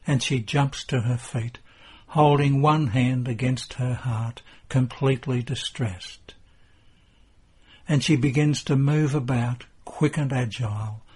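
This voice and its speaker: A man narrating a religious text in a measured, reverent reading. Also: medium pitch, darkish tone, husky.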